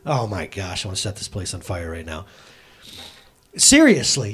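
Animated, husky-voiced male preacher. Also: low-pitched, moderate pace. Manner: animated, exclamatory, acts out God's voice. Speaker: pastor. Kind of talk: energetic sermon.

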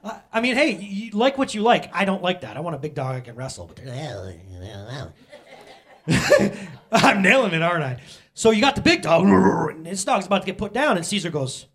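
A man's voice: high voice, very animated, fast, a bit bright. A middle-aged man preaching a casual, conversational sermon, joking and talking straight to the congregation. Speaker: pastor.

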